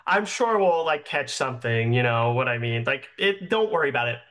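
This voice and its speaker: A man's voice: mid-range voice, lively intonation, a little fast, a bit bright, lightly acted. A man voicing a flustered, apologetic young woman in a tabletop game, talking in a raised voice.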